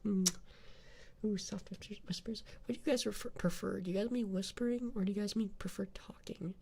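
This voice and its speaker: A young man chatting with viewers on a live ASMR stream, rambling with many fillers and switching between whispering and soft talk. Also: sits high, fairly even intonation, a little fast, gravelly, husky.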